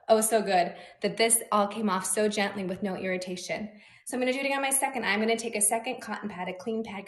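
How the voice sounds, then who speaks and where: A young adult woman, a beauty influencer, chatting brightly to her viewers while reviewing and demonstrating skincare. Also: mid-range voice. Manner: bubbly, chatty, addresses viewers directly. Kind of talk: product review and demo. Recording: echoey room.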